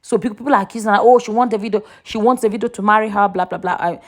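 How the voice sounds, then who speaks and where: A woman's voice: medium pitch, rapid-fire. A woman, chatting casually in a gossip vlog and reading posts aloud with a lifted voice. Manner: chatty, reads quotes aloud in a raised voice. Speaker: vlogger reading out social media posts.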